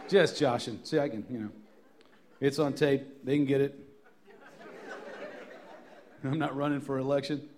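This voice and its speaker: A middle-aged pastor delivers a sermon in a church, his voice sitting a bit higher than most men's. He tells funny stories in a loose, conversational way and leans hard into emphatic, repeated refrains. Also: moderate pace, pauses often, a faint crowd. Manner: joking storyteller who builds to emphatic repeated lines. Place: church sanctuary.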